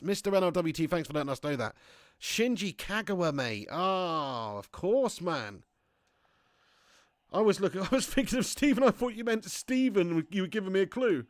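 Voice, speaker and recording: A man streaming a football game live, commentating excitably and chatting with viewers. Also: high voice, moderate pace, no room sound, studio quality. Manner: excitable, swearing, chatty banter. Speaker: gaming livestreamer.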